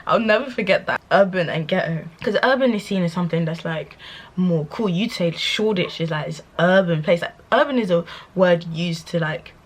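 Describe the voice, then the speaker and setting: A young woman ranting to camera as a vlogger, sassy and animated and laughing often. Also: lowish voice, moderate pace, breathy edge. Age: young adult. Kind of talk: candid rant to camera.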